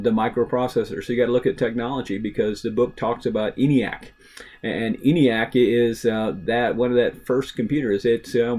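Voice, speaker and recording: A man's voice: medium pitch, darkish tone. A man teaching a recorded history lecture in a casual, talkative way, with many fillers and asides.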